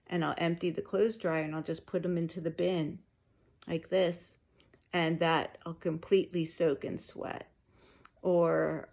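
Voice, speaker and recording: Woman vlogger, low-pitched and slow-spoken, tired and a little short of breath, chatting frankly to viewers. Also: vocal fry, a little mellow. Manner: slow, candid, with frequent ums. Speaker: vlogger sharing a health update. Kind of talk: casual personal update to viewers.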